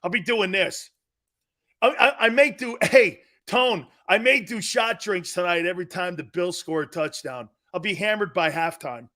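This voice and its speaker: A man hosting a sports talk stream, reading fan comments and trash-talking in loud, brash bursts. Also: high voice, moderate pace. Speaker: sports talk show host.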